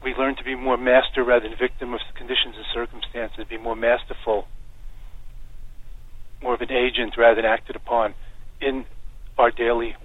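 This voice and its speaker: Calm American man on a tinny line. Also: medium pitch. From United States. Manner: calm, unhurried, meandering with soft fillers. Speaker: Buddhist teacher, interview guest. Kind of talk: interview answers and guided meditation. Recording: tinny phone-like line, dry.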